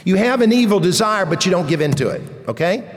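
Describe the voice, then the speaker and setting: A man's voice: high-pitched, animated, quick pace, in a large hall. A man preaching a sermon to a large congregation, asking them questions and repeating key phrases for emphasis. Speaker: pastor. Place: large church auditorium.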